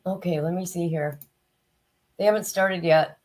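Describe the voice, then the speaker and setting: Woman streamer, hoarse and gravelly, loose chatty delivery, greets her regulars by name. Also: on the low side, animated, takes it slowly, a little mellow. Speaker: livestream host. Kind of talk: casual chat to live viewers. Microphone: new desk microphone, headset off.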